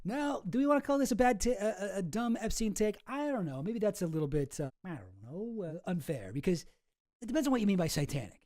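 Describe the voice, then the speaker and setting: A man's voice: sits high, very animated, fast talker, darkish tone, dry recording, clean studio sound. A man hosting a casual livestream, reacting to clips in a sarcastic, incredulous, rambling way. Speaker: streamer host.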